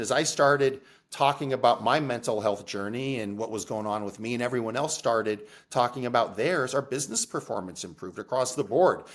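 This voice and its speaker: A middle-aged man sharing his own story as an interview guest, earnest and emotional, often restarting sentences and checking in with a "right?". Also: medium pitch. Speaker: interview guest, mental health advocate. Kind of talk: candid personal storytelling.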